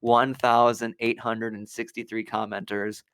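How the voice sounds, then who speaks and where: At a measured pace, a young podcast co-host from Wisconsin tells a story in casual conversation, animatedly acting out the quotes. His mid-range voice sounds clean, recorded in clean studio sound with no room noise.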